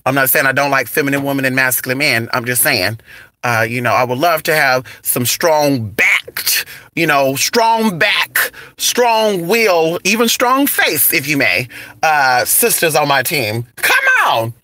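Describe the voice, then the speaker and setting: A man's voice: mid-range voice, no room sound. A man hosting a casual livestream, talking in a sassy, campy way and reading his chat. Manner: sassy, campy, drawn-out and expressive. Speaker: channel host reading live chat.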